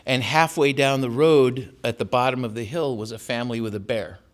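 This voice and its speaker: Older author at a lectern, wry storyteller, mid-pitched voice, easy laughs. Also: male voice, fairly even intonation, a little fast. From born in Tijuana, raised in San Diego. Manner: anecdotal, wry, laughs at his own stories. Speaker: author giving a talk. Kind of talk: storytelling lecture. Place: campus auditorium.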